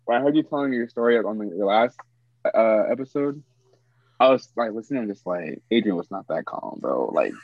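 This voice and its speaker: A man's voice: lowish voice, expressive, a little fast, no echo, dull audio. A young man guesting on a casual chat with a friend, laid-back and slangy, teasing and full of fillers. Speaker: podcast guest.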